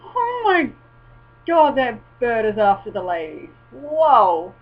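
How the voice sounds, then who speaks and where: A young woman vlogging in casual, rambling chat, swearing and breaking into excited exclamations. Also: a little high, measured pace. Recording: dull lo-fi with faint mains hum.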